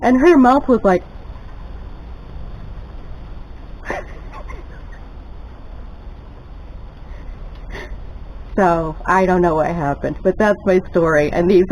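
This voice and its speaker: An older woman telling a lively story while she cooks at home, chatty and laughing often. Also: on the low side, moderate pace, few pauses, a little hiss or hum, rough recording. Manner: chatty, laughs often, gets excited retelling stories. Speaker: cooking vlogger. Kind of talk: casual storytelling while cooking.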